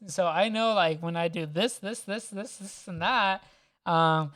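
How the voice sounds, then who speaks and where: A man co-hosting a casual podcast chat, animated and swearing freely as he acts out scenes in quoted voices. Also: high voice, a little slow. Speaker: podcast co-host.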